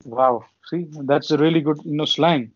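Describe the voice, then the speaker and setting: A man's voice: a little high, moderate pace, husky, no echo. A young man from India co-hosting a podcast, chatting casually with long, meandering explanations. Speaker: podcast co-host. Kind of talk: casual chat. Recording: dull lo-fi sound.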